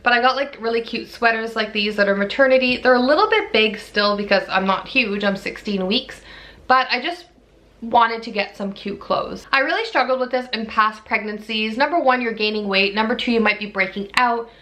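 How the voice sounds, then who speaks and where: A young woman records a casual pregnancy vlog, talking candidly to her viewers. Her voice is bright and sits a bit high, and she sounds slightly out of breath as she chats. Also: moderate pace. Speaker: vlogger.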